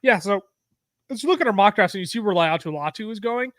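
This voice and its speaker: A man's voice: sits high, a little fast, dry recording, clean studio sound. A man co-hosting a podcast, calling out draft picks with energy in a casual chat. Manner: energetic, play-by-play announcing the picks. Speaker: podcast co-host.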